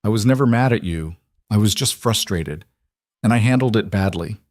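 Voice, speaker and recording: A man voicing a stressed working woman in a spoken story, clipped, tense and quick to defend herself. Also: lowish voice, darkish tone, dry recording, clean studio sound, close to an everyday voice. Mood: strained.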